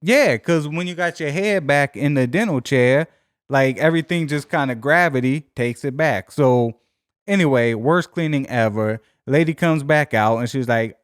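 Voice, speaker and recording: A young man spins an animated, profane story on a podcast, slipping into voices for everyone he talks about. His voice runs slightly high and sounds smooth and resonant. The recording is close and dry. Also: measured pace, no room sound. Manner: animated, profane, acts out both sides of conversations. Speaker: podcast co-host. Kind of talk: casual storytelling chat.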